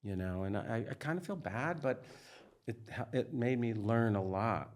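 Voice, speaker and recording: A man's voice: mid-range voice, expressive, a little slow. A middle-aged man, a psychiatrist, speaking candidly in an interview in an earnest, emphatic way, with lots of "like" and "you know". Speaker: psychiatrist and trauma expert guest.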